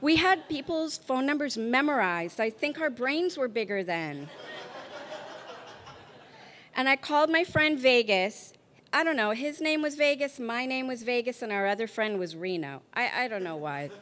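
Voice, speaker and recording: A woman's voice: a little high, normal speed. A middle-aged woman telling a comic story on stage, acting out the people in it. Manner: animated, acts out the people in her story.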